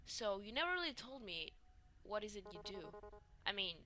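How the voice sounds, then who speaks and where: A woman reading the lines of a sullen, guarded young man in a game story, low-key and flat. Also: moderate pace, faint music behind. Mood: curious.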